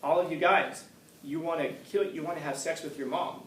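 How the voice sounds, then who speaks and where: A man retells an old tale to a class, slipping into the characters' voices and joking along the way. His voice is a little high and sits at a distance from the mic. The classroom is roomy and echoes around him. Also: brisk, a bit bright, slight background noise. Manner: storytelling, acting out characters, joking with students. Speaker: teacher. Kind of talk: casual classroom lecture. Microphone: distant room mic. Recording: echoey classroom recorded from far off.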